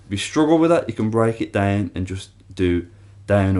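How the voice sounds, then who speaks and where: A man's voice: on the low side, animated, moderate pace, few pauses. A man teaching a guitar lesson, explaining each step and counting strums aloud. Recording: loud guitar playing behind.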